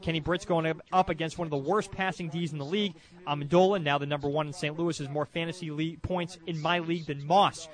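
A man hosting a casual sports chat, quick and chatty, laughing often. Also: fairly high pitch, fairly even intonation. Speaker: podcast host.

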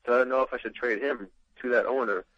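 A man's voice: medium pitch, steady tone, fast, no echo. A man calling in to a sports radio show, talking hesitantly and filling his sentences with ums and uhs. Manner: hesitant, full of fillers. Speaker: caller. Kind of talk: phone-in call. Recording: muffled dry phone line.

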